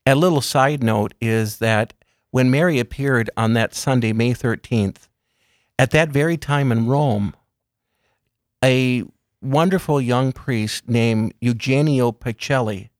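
Measured man explaining gently. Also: medium pitch, dry recording, studio quality. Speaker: guest speaker on religious topics. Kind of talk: calm explanatory interview talk.

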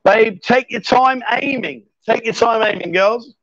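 A man's voice: very high-pitched, measured pace, fairly bright tone, no room sound, muffled recording. A man hosting a live stream from a bar, joking and teasing as he reads viewer comments aloud between pool shots. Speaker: livestream host. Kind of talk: live stream chat while playing pool. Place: lively bar.

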